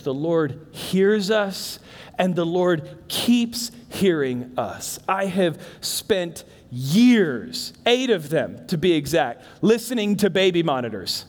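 A man preaching a sermon as pastor, moving from hushed emphasis to loud bursts and talking directly to the congregation in asides. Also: high-pitched, very animated, takes it slowly. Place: church sanctuary. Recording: long reverb of a large church hall.

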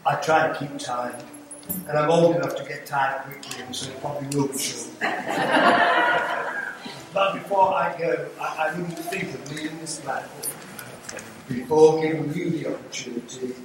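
An older Englishman, a visiting evangelist, preaches an earnest, pleading sermon with touches of humour and an altar call in a church sanctuary. His voice is a little high and expressive, moving at normal speed with long pauses. The recording is noisy and echoey, captured from a distance.

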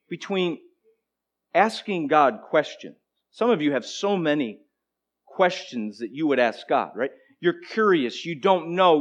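A pastor delivers a sermon in a voice on the high side, alternating between emphatic declarations and quiet, conversational asides aimed at the congregation.

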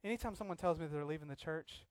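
A man preaching a sermon as pastor, swinging from loud acted outbursts to quiet earnest talk. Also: a little high, quick pace, no echo.

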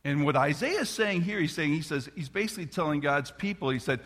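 A middle-aged man preaching a sermon as a pastor, an animated storyteller who talks straight to the congregation. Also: fairly high pitch, fast talker, hardly any pauses, breathy edge. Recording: long reverb of a large hall.

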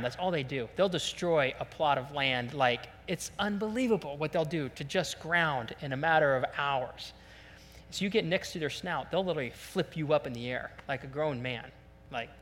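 Animated male pastor in a reverberant hall. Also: on the high side. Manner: animated, jokey storytelling, acts out voices. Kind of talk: sermon with storytelling.

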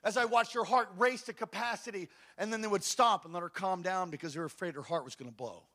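A middle-aged man from Hawaii, preaching a sermon as a pastor, telling a story with passion and swinging from hushed tones to shouts. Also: high-pitched, fast talker.

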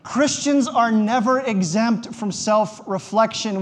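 A man's voice: very high-pitched, a little slow, hardly any pauses. A man preaching a sermon as pastor, conversational and emphatic, with wry quips. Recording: long hall reverb.

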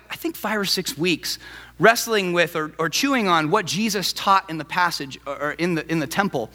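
Animated, bright-voiced preaching man. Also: sits high, long reverb tail. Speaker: pastor. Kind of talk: sermon.

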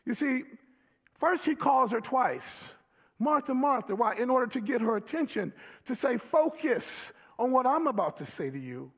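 High-voiced preacher in a reverberant hall. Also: male voice, big pitch swings, moderate pace, slightly rough. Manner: emphatic call-and-response preaching, rising to shouts. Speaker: pastor. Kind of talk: sermon.

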